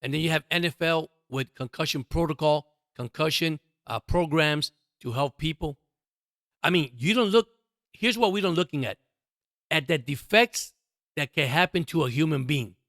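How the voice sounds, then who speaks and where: A man with a fairly high, slightly bright voice hosts a sports podcast, speaking at a normal pace in clean studio audio with no room sound. He delivers a passionate, emphatic monologue straight to his listeners, calling them "guys" and repeating himself.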